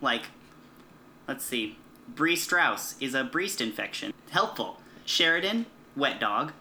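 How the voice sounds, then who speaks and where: Male co-host, bright, tense tone, snarky and giggly, quick jokes. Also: mid-range voice, very animated, slight background noise. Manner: snarky, giggling, playful mock impressions. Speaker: podcast co-host. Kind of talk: casual chat.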